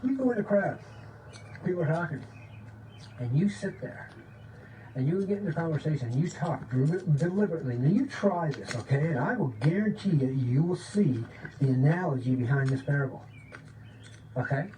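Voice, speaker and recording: Man, informal spiritual talk, eager, keeps saying okay, slightly raised pitch, faint background hiss. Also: normal speed, pauses often. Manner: excited, repeats "okay?" often, drops to a low voice for demonstrations. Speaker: spiritual teacher. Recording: distant mic with faint background noise.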